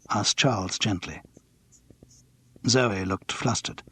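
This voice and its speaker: Male audiobook narrator, husky, measured, dry studio sound. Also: mid-range voice, steady tone, a bit bright, dry recording. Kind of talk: scripted narration.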